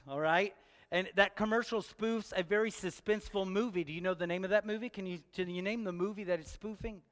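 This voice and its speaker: A man's voice: sits high, fairly bright tone. A pastor, preaching a sermon and joking with his congregation, asking them question after question. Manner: playful, talks straight to the congregation with questions. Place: church hall. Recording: long church hall reverb.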